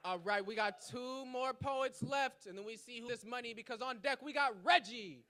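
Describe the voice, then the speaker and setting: High bright-voiced male slam host. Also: normal speed. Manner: loud, hyping up the crowd. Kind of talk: announcing scores at a poetry slam.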